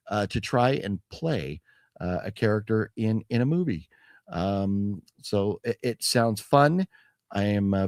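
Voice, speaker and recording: Lively rambling man chatting about movies. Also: lowish voice, no room sound, studio quality. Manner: rambling, halting with restarts, reads chat comments aloud. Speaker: show host. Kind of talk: casual chat about movie haul.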